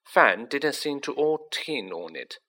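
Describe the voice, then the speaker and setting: A man's voice: mid-range voice, very animated, slow, sharp tone. A man reading a children's story aloud, narrating with acted character voices. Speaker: audiobook reader.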